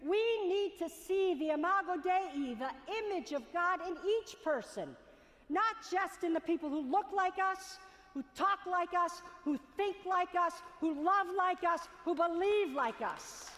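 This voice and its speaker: A woman with a high voice preaches a sermon. She builds her points in a rhythmic, repetitive cadence. Her words ring out with the long reverb of a large meeting hall. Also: expressive, unhurried, fairly bright tone.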